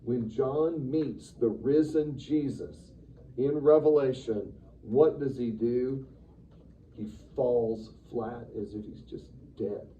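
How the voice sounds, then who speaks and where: A man teaching a church Sunday school class in a lively, conversational way, acting out the quotes he reads. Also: medium pitch, slow. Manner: animated, conversational, acts out quotes with sudden loud bursts. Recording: distant, dull room recording with faint noise.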